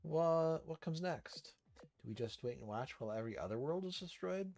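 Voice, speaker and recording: A man's voice: on the high side, animated, normal speed, a little mellow. Man dramatically reading a game story. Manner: dramatic first-person narration with shifting intensity. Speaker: story reader. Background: faint background music.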